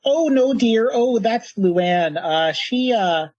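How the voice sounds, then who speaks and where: A man's voice: sits high, expressive, takes it slowly, a little mellow, no room sound, highs cut off, voice pushed up, full character voice. A man voicing an evasive old grandmother in a folksy, rambling way, with a Minnesotan accent. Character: chatty old grandmother at a craft stall, evasive.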